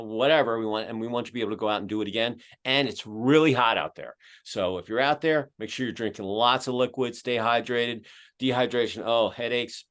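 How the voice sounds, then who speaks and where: A man's voice: medium pitch, a bit bright. A man from Philadelphia with a Philadelphia accent, hosting a podcast and talking casually over a video call, rambling with plenty of fillers. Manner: rambling, filler-heavy, folksy. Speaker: podcast host. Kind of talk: casual closing remarks. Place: home in Georgia, on a video call.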